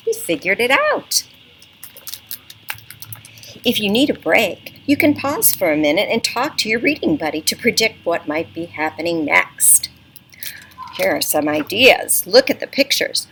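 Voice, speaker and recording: Lady librarian reading to kids on a front porch, very expressive, sounds like a laptop mic. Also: medium pitch, a little slow, breathy edge, poor audio. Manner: animated, teacherly, coaxing young listeners. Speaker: children's librarian. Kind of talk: children's storytime read-aloud. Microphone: computer webcam. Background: neighborhood sounds.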